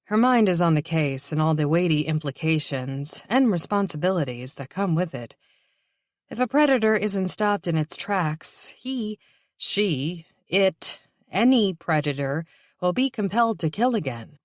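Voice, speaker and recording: A woman narrating a novel in a steady, even reading voice. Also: on the low side, measured pace, dry recording, clean studio sound. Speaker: audiobook narrator. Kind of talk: scripted narration.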